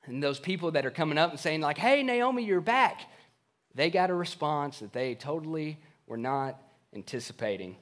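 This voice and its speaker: Male pastor, slightly high voice, earnest sermon storyteller, modern plain retelling of scripture. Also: brisk.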